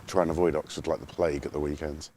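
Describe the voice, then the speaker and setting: A man's voice: very deep voice, flat delivery, fast, dark tone, slight background noise. A man giving chatty, jokey live commentary on a club cricket match. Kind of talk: casual live stream commentary.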